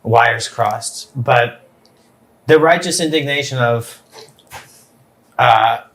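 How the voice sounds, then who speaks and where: A man hosting a conversational interview, chatty and jokey, often pausing to search for words. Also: mid-range voice, a bit bright. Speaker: podcast host.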